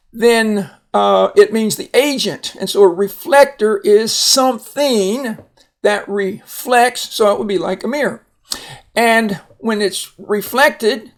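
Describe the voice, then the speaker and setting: Man, teacher, recorded phonics lesson, very slow, gravelly, patient with fillers and restarts. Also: high-pitched.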